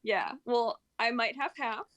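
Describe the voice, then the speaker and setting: A woman's voice: a little high, measured pace, fairly bright tone. A young woman co-hosting a podcast, chatting casually, laughing often and using lots of fillers. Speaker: podcast co-host. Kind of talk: casual chat.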